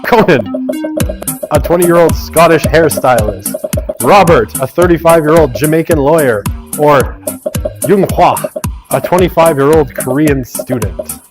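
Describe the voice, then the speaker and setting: A man's voice: fairly high pitch, animated, a little slow, music in the background. A man teaching a university sociology class, reading quiz questions aloud and joking with his students. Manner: joking asides, teasing students. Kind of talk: lecture running a class quiz. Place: lecture classroom.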